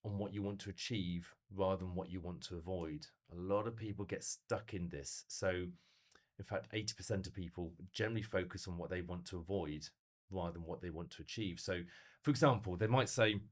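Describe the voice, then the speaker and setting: Man, middle-aged, motivational speaker, storytelling, lower pitch. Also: brisk. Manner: animated, storytelling, asks rhetorical questions. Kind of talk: conversational podcast chat.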